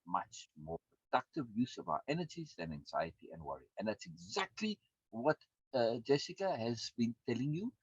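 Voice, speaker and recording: A man with a husky, mid-range voice, a course instructor and coach, gives a recorded lecture with no echo. He speaks emphatically, repeating words and often tacking on tag questions, and the lo-fi recording sounds dull and dry.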